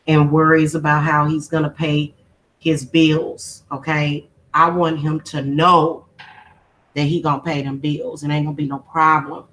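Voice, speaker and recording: A woman's voice: deep voice, fairly bright tone, a little hiss or hum, low-quality recording. A woman hosting a spiritual channel, talking casually on a livestream in a heartfelt, emotional, informal way.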